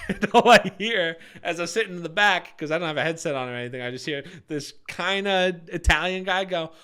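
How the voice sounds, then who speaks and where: A man with a slightly high, bright voice tells a rambling story in loose casual chat. He laughs often and keeps circling back to his point. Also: a little fast, clear, resonant tone. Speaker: podcast co-host.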